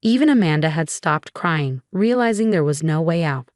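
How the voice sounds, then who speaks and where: A woman reading a scripted first-person story in an even, measured way. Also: low-pitched, no echo, studio quality.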